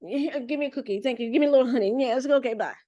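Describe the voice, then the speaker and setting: A woman's voice: high voice, rapid-fire, mellow, no room sound, lo-fi sound. A woman voicing a visiting male spirit who talks in a casual, teasing, offhand way.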